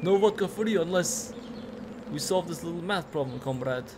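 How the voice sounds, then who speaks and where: A man's voice: fairly high pitch, expressive, normal speed, noisy background, lightly acted. A man voicing a stingy barkeeper in a game with a mock Russian accent. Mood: gruff. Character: stingy male barkeeper calling people comrade.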